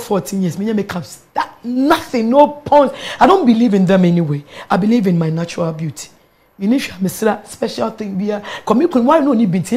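A middle-aged Ghanaian-accented woman, a pastor appearing as a guest, shares her personal testimony in a mid-range voice. She tells it animatedly, switching between English and Twi.

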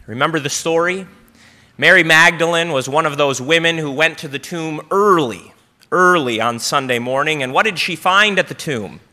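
A man's voice: a little high, moderate pace, bright, forceful tone. A male pastor preaching a storytelling sermon in church, often asking the congregation questions.

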